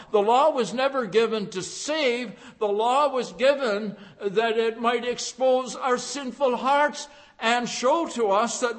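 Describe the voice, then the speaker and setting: A man preaching a sermon, emphatic and repeating key phrases with rising force. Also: very high voice.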